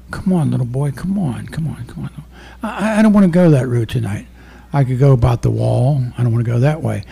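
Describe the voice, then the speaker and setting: A former undercover narcotics officer turned poet, giving a rambling, profane poetry reading full of stories. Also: male voice, mid-range voice, gravelly, warm tone, husky. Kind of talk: live poetry reading with storytelling.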